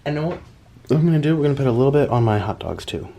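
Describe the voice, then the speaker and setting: At home, a man hosts a chatty mukbang eating vlog, speaking very fast in a theatrical sing-song that swings from loud bursts to mumbles. His voice is medium-pitched and animated.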